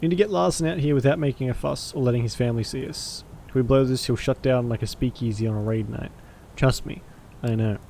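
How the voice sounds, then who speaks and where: A man voicing a gravelly hard-boiled vampire detective. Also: medium pitch, fast, warm tone, a little hiss or hum, natural voice. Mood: gruff. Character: gruff streetwise male vampire detective, cynical. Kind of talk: visual novel voice acting.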